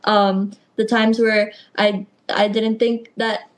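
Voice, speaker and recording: A young woman, a wrestler guest on a video call, telling her stories in a lively way and acting out what people said. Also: medium pitch, slow. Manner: lively storytelling, acts out quotes. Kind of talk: casual interview.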